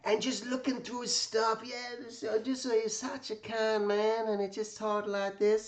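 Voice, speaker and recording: A man with a somewhat high voice tells a personal story in a loose, casual way. He rambles with awestruck enthusiasm, like an art teacher chatting to his viewers. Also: little pitch movement, unhurried, hardly any pauses. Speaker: illustration teacher and host.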